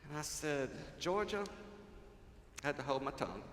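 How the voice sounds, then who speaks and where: An older man preaching a sermon as pastor, telling stories and swinging from loud to hushed. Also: fairly high pitch, very animated, moderate pace, a little hiss or hum. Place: large church sanctuary. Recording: echoey hall, faint ambience.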